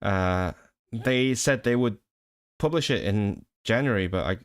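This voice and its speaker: Casting note: male live streamer, slightly low voice, chatty and rambling, laughs often. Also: a little slow, smooth. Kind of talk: casual live-stream chat.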